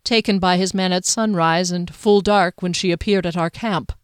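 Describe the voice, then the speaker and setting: A woman's voice: on the low side, fairly even intonation, moderate pace, clear, resonant tone, no echo, studio quality, close to an everyday voice. A woman voicing a young male captain, earnest and frustrated, speaking with strained intensity. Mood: dutiful.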